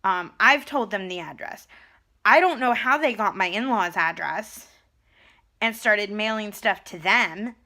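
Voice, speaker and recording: A young woman talks straight to her camera at home in a loose, chatty vlog. Her voice is bright and forward, and she tells her story in a lively way, replaying the back-and-forth of a conversation as she goes. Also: mid-range voice, unhurried. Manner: animated storytelling, retelling conversations. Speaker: vlogger. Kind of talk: casual chat.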